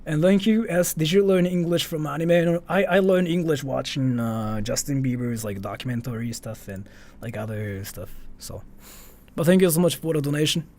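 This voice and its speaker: A man's voice: a little high, normal speed, darkish tone. A young man from Japan, speaking English with a Japanese accent, chatting casually on a livestream and reading out donations, with lots of fillers. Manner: chatty, filler-heavy, reads donations aloud. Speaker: streamer.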